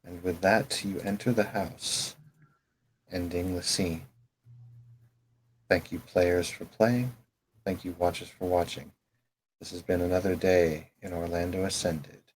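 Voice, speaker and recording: A man with a very low voice runs a tabletop game as game master, narrating the scene in a relaxed, plain way. A faint noise hums behind him. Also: measured pace, long pauses, low-quality recording.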